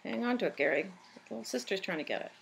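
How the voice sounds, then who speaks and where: A woman's voice: medium pitch, lively intonation, quick pace, creaky, fairly bright tone, a little hiss or hum. A woman at home cooing at her young pets in sing-song baby talk while feeding them. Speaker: pet owner. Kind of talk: home video, talking to pets.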